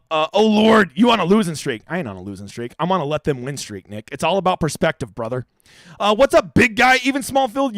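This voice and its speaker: A man's voice: high voice, no echo. A young man hosting a live stream, answering chat questions with brash, jokey, crude banter. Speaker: fantasy golf streamer.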